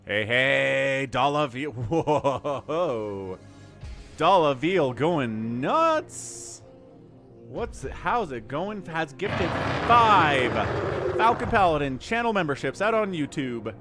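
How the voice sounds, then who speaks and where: A man's voice: on the high side, lively intonation, takes it slowly, sharp tone. A man hosting a live game stream, chatting with viewers in an upbeat, chatty way and thanking them by name. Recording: music playing behind.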